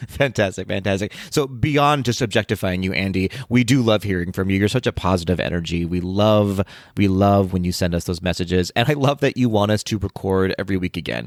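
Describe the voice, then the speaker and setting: A man's voice: low-pitched, no room sound, clean studio sound. A playful man from the United States co-hosting a podcast, chatting casually and laughing often. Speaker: podcast co-host.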